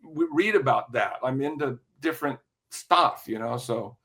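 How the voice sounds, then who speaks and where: Older man telling stories with sharp brightness. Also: medium pitch, measured pace. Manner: animated anecdotal storyteller, frequent restarts and throat clearing. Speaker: podcast guest, music industry veteran. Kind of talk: casual interview storytelling.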